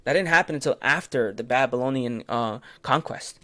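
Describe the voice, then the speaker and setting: A man's voice: mid-range voice, moderate pace, pushed and bright, no room sound. A man leading a casual late-night Bible study stream, hesitant and full of fillers, stumbling over terms and correcting himself. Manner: answers viewers' comments in passing.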